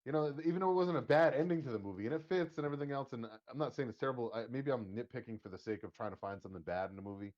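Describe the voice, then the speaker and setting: Fast, rambling man on lo-fi audio. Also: mid-range voice, darkish tone. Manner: rambling, halting, many fillers. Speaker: podcast co-host. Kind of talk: casual movie discussion.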